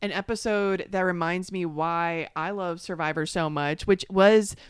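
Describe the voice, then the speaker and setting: A woman's voice: on the low side, fairly even intonation, smooth, no room sound, studio quality. A woman co-hosting a podcast in casual chat, agreeing readily and laughing often. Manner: warmly agreeing, quick to laugh. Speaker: podcast co-host.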